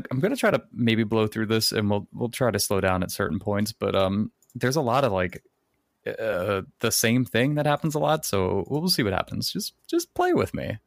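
A man gives a rambling, sarcastic plot recap on a casual podcast. His voice sits fairly low, and the recording is close and dry. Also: creaky, no room sound. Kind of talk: casual chat.

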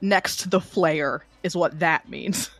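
A woman's voice: sits low, takes it slowly, a bit bright, husky, no echo. Rambling woman playing a tabletop game. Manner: rambling, self-correcting, laughing, swearing casually. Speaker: player. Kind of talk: in-character tabletop play.

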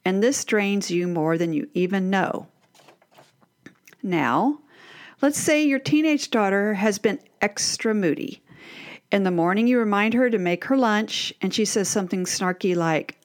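A middle-aged woman talks straight to mothers of teenagers in a scripted advice talk. She is expressive and slips into the voices of worried parents and moody teens. Her pitch sits in the middle of the range.

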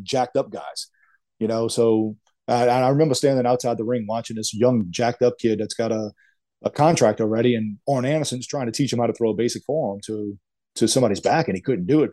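Mellow man telling wrestling stories. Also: medium pitch, no room sound. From Louisiana. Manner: rambling, animated storyteller, says man and dude. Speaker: retired wrestler, guest. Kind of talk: interview storytelling.

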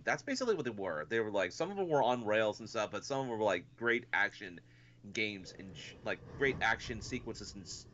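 A man's voice: fairly low pitch, fairly bright tone, lo-fi sound, a little hiss or hum. A man co-hosting a casual podcast, rambling and swearing with lots of fillers. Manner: rambling, profane, many fillers. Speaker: podcast co-host.

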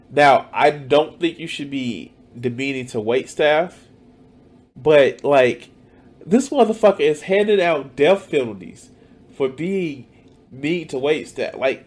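A man with a high voice that leaps all over, speaking slowly as he reacts in mocking disbelief to what he is watching. He swears freely and drags out his exclamations. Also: breathy edge. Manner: incredulous, mocking, swears a lot. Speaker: stream reactor. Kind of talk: reaction commentary.

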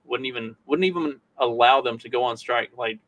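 Bright-voiced wry male co-host. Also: mid-range voice, moderate pace, muffled recording. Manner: wry, sarcastic asides. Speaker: podcast co-host. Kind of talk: casual political chat.

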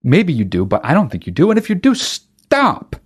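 A man's voice: fairly high pitch, huge pitch swings, normal speed, slightly rough. A man hosting a podcast, talking alone in a casual monologue, ranting with emphatic profanity and frequent restarts. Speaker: podcast host.

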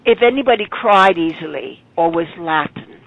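A woman's voice: on the low side, moderate pace, creaky. Woman in her eighties, phone-line sound. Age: 80s. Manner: animated storyteller, acts out quotes. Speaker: guest performer. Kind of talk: storytelling interview.

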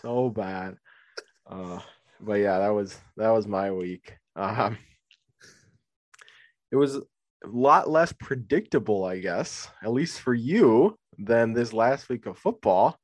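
A man's voice: lowish voice, animated, takes it slowly, no room sound. A young man co-hosting a sports podcast in casual chat, telling rambling stories and laughing often. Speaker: podcast co-host.

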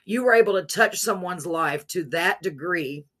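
Effusive, bright-voiced woman podcast host. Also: lowish voice, animated, moderate pace, slightly rough. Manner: effusive and emotional, often praising God; folksy, says "y'all". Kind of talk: casual interview chat.

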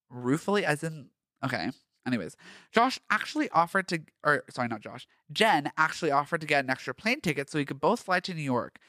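A man's voice: a little high, sing-song, moderate pace, sharp tone, dry recording, studio quality. Campy podcast host reading his fan fiction. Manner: campy, gushing, self-mocking asides.

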